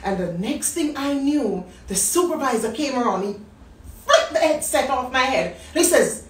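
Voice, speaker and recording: Animated Jamaican woman storyteller, higher voice. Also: normal speed. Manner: animated storyteller acting out quotes. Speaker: business talk host. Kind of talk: personal storytelling. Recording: roomy, distant mic.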